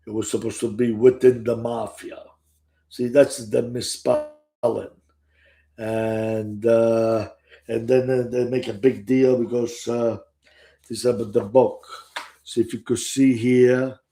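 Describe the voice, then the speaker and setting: A man's voice: medium pitch, level tone, takes it slowly, mellow. An older man from Sicily with a Sicilian Italian accent, telling his stories casually to the camera, rambling, restarting often and swearing freely. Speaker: author and storyteller. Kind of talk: casual first-person storytelling to the camera.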